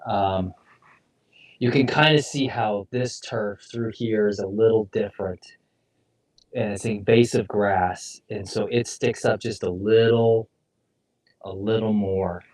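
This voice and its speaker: Brief: low-pitched male golf co-host, laid-back explainer, dry outdoor sound. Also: takes it slowly, no echo. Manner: relaxed, explains course details. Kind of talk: casual on-course chat.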